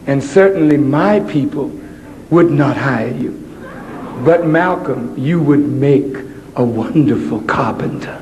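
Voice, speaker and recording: A man's voice: medium pitch, takes it slowly, background noise, pitched below the performer's own voice, close to an everyday voice. A man doing a condescending schoolteacher. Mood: patronizing. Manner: patronizing, falsely gentle. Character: condescending schoolteacher talking down to a pupil.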